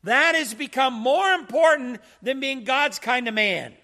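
A man's voice: very high-pitched, lively intonation, unhurried, sharp tone. A man teaching a church seminar in a preaching style, emphatic and full of rhetorical questions.

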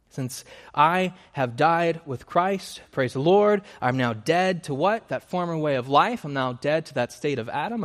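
A man's voice: mid-range voice, fairly bright tone, in a large hall. A man preaching a sermon in an earnest, emphatic way, hammering points through repetition and correcting himself mid-sentence.

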